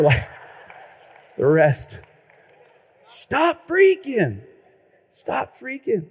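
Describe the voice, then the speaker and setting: Male pastor, high voice, lively storyteller, sermon with long hall reverb. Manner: lively storytelling, repeats words when excited.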